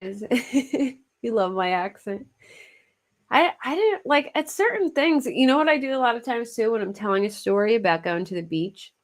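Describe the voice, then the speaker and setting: A woman's voice: fairly high pitch, animated, normal speed. Woman, Philadelphia accent, casual livestream chat, giggly, rambling. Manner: chatty, laughs often, self-conscious about her pronunciation. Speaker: true crime livestream host. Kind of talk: casual chat with live chat viewers.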